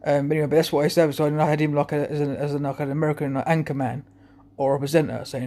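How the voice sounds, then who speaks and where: A man's voice: on the high side, fairly even intonation, very fast, few pauses, mellow. Rambling man vlogging. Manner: rambling, full of restarts, chuckling. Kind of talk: casual rambling monologue.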